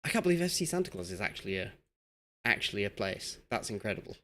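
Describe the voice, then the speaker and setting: A man's voice: on the low side, very animated, quick pace, pushed and bright. A young man from Yorkshire chatting casually while live-streaming a football management game and reading chat aloud. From Yorkshire, England.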